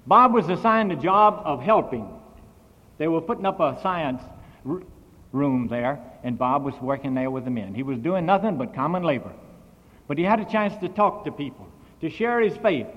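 A man's voice: on the high side, animated, moderate pace. A man preaching a sermon as a missionary, telling a story with big swings in volume and emphasis. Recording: dull old recording, echoey hall.

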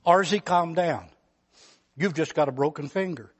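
Preacher doing a calm old country doc, quiet and dry. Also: male voice, sits high, husky, heavily acted. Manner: calm, unhurried, matter-of-fact.

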